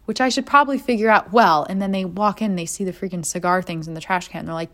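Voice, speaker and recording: A woman's voice: mid-range voice, brisk. A young woman hosting a podcast, telling a story in a casual monologue and acting out the voices of people she quotes. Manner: animated, acts out voices in quotes. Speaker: podcast host.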